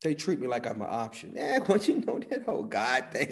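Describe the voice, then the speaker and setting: A pastor preaching a sermon, folksy with "y'all", swinging between loud bursts and hushed asides. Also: male voice, mid-range voice, sing-song, moderate pace, hardly any pauses, a little hiss or hum. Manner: folksy talk with "y'all" and "ain't".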